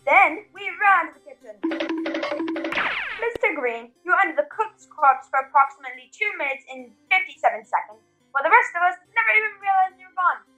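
A brisk, theatrical butler, played by a woman rattles through the night's events in a stage comedy. The voice sits high and swings widely in pitch. Faint music plays underneath. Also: expressive, bright, forceful tone, full character voice, low-quality recording. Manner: fast, theatrical recap of events. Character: butler narrating the murder case, brisk and theatrical. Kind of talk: stage play acting.

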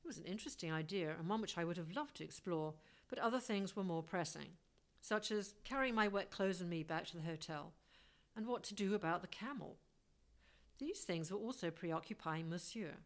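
Reading aloud a story told in the first person, this audiobook narrator has a lowish voice and a wry, gently humorous touch. She speaks a little fast.

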